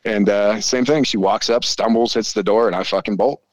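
A man in his forties, a podcast guest telling stories in casual chat, swearing freely and animated. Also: on the low side, normal speed, no echo. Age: 40s. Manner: profane, animated storyteller.

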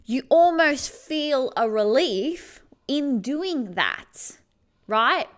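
A woman vlogger with a high, animated voice talks slowly and casually to the camera, handing out self-help advice. She swears freely, laughs a lot, acts out her feelings, and keeps checking in with "right?"

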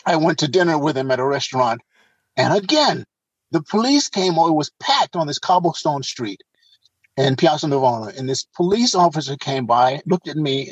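A man with a husky voice tells animated anecdotes as an interview guest, often restarting his sentences. The sound is slightly muffled and dull. The room is dry and close. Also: a little high, no room sound. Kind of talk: casual storytelling.

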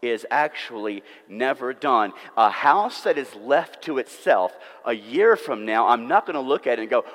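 A man's voice: mid-range voice, lively intonation, moderate pace, hardly any pauses, fairly bright tone. A man preaching a sermon, earnest and emphatic, repeating words for stress. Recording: long reverb of a church hall.

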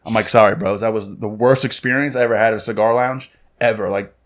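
Fast-talking male podcast storyteller. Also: on the low side, steady tone. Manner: fast anecdotes with acted-out quotes.

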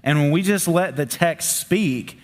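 A man with a slightly high voice, speaking as a pastor. He explains things firmly and plainly, and his voice carries a long reverb. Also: a little slow. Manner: firm, plain-spoken explaining. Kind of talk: sermon discussion.

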